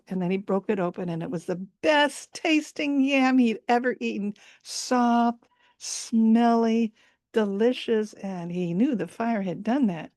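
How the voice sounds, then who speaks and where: A woman's voice: medium pitch, moderate pace, a little mellow, no echo, studio quality. A woman storyteller telling a folk tale live over a video call, repeating words for emphasis and dwelling on sensory detail.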